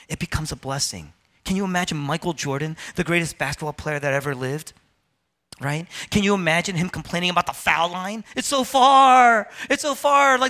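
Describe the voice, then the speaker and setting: A man's voice: a little high, pushed and bright. A man in his thirties preaching a sermon, firing rhetorical questions and acting out complaints in other voices. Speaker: pastor.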